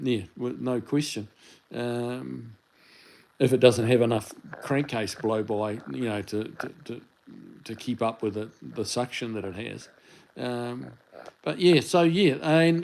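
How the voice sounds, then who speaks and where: A man's voice: medium pitch, darkish tone, low-quality recording. A New Zealand man hosting a casual live stream, rambling along as he reads viewer comments aloud into a phone he holds in his hand. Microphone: phone held in hand.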